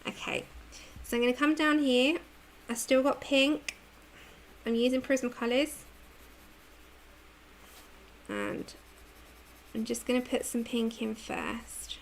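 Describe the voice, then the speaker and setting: A woman's voice: on the high side, expressive, takes it slowly, gravelly, pauses often, a little hiss or hum. A British woman hosting a livestream, chatting casually while she colours, laughing often and answering viewer comments. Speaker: livestream host.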